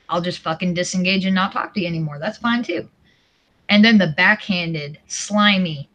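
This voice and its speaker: A man on a livestream, airing a heated grievance in an aggrieved, profane way with halting restarts. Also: high-pitched, bright, forceful tone. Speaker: guest co-streamer.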